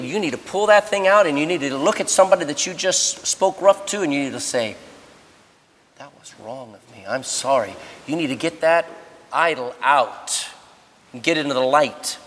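Animated preacher man in a reverberant hall. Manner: animated, swings from low murmurs to loud exhortation. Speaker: preacher at a youth camp. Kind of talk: sermon.

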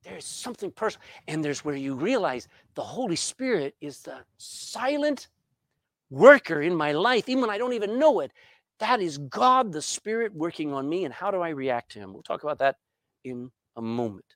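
A middle-aged man preaching a sermon, swinging between loud emphasis and hushed asides. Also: fairly high pitch, very animated, moderate pace, no echo, studio quality. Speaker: pastor. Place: church sanctuary.

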